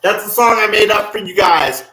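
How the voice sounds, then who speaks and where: A man's voice: high voice, normal speed, bright, forceful tone, roomy sound, soft background music, rough recording. A man gushing emotionally on a livestream, thanking his subscribers in an effusive, sing-song way. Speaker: channel owner thanking subscribers.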